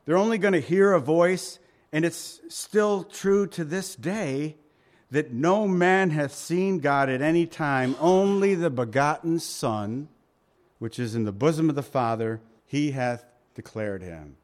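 A man's voice: a little high, unhurried. A man preaching a sermon, reading scripture and telling stories with acted quotes, his volume and pace swinging widely. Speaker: pastor.

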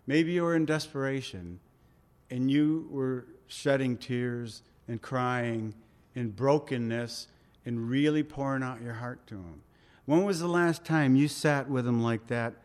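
A middle-aged man preaching a sermon as pastor, earnest and conversational, asking rhetorical questions and pleading with light humor. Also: on the high side.

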